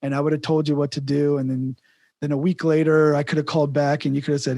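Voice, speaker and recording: A man hosting a casual podcast interview, with a voice a little higher than most men's. He rambles and restarts often, chuckling as he tells a long story. The sound is dry and close. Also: little pitch movement, fast talker, mellow, no room sound. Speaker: podcast host.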